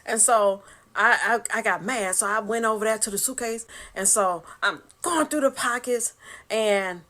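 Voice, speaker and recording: A woman's voice: fairly high pitch, moderate pace, pushed and bright. A woman telling a personal story casually and emotionally, with laughter.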